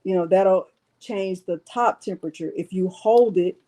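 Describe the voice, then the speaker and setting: Chatty woman, mellow voice. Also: fairly low pitch, moderate pace. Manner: chatty, addresses viewers as y'all. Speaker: crafting livestream host. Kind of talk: casual live demo chat.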